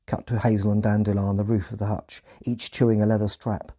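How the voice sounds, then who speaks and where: A man, hosting a podcast and narrating a film scene by scene in a measured, descriptive way. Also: lowish voice, level tone, warm tone.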